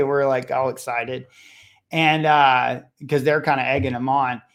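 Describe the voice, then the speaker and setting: A middle-aged man speaking as a podcast guest, relaxed and conversational in an average male register. He tells stories with energy, slipping into lively voices for the people in them. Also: medium pitch, measured pace. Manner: animated, acts out voices in his stories. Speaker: podcast guest, parenting coach. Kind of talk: conversational storytelling.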